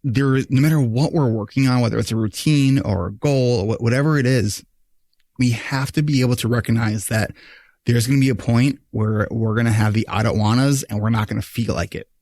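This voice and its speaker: A man's voice: mid-range voice, brisk, darkish tone, no room sound. Man, podcast host, loose talky advice, close dry mic. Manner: conversational, frequent "like" and "right?". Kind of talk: casual advice chat.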